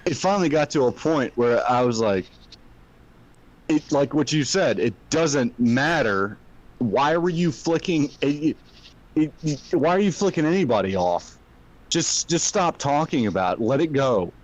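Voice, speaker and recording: A man chatting casually on a podcast, telling stories with a lot of swearing and halting restarts. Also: mid-range voice, lively intonation. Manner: storytelling, profane, hesitant restarts. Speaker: podcast guest. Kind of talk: casual chat. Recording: dull lo-fi audio.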